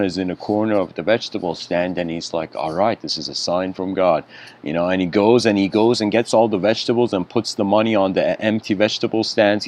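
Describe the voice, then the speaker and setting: A man giving a spiritual lecture, telling a story in a casual, conversational way with frequent asides. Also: fairly low pitch.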